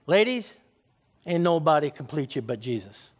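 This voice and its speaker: Male pastor, high voice, emphatic sermon delivery with call-and-response. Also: sing-song, normal speed. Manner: tells jokes as stories.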